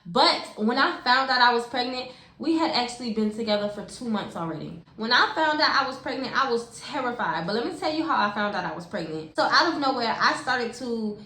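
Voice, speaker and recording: Young woman, higher voice, animated and slangy storytime delivery straight to camera; echoey room. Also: fairly quick, hardly any pauses. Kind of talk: casual storytime vlog. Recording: echoey room with faint hiss.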